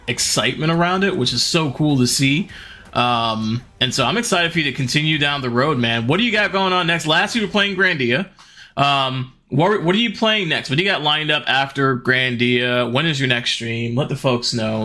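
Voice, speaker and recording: A man's voice: mid-range voice, sharp tone. A man, chatting casually with viewers on his live stream, laughing often and greeting chat.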